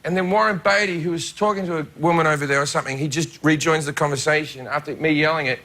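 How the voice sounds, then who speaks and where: A male stand-up comedian telling an animated anecdote as a talk show guest, laughing often. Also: fairly high pitch, fast, slight background noise.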